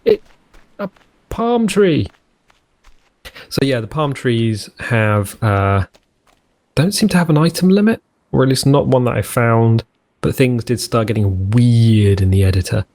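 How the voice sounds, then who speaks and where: A man's voice: medium pitch, animated, normal speed, darkish tone. A man commenting on a survival game as host, rambling and jokey, often correcting himself as he goes. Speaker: let's play host. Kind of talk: gameplay commentary.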